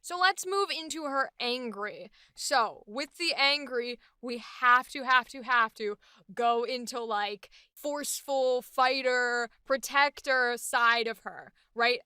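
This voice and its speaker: Bright, chatty woman voice actor. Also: a little high, slow pace, smooth, no echo, studio quality. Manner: chatty and enthusiastic, thinking aloud. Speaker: voice actor and host. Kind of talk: voice acting demonstration.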